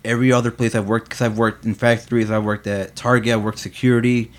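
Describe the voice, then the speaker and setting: A man's voice: mid-range voice, little pitch movement, fast talker. A man talking casually about his workplace, rambling with lots of fillers. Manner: rambling, heavy on fillers and "you know". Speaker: employee. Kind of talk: casual chat.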